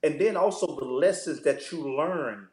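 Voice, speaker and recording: A pastor talks through fatherhood in a loose, unhurried, story-filled way, dropping "man" into almost every thought. His voice sits a little high, the room rings with echo, and it plays like a conversational interview.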